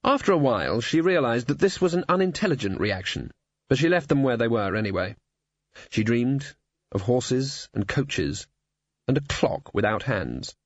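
Expressive male audiobook narrator. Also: medium pitch, no echo. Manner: measured and expressive reading. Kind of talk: scripted narration. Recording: slightly dull, dry studio sound.

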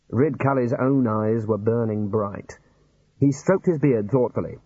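A man narrating an audiobook in a dry, measured way. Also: medium pitch, warm tone, breathy edge, no room sound. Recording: dull lo-fi recording.

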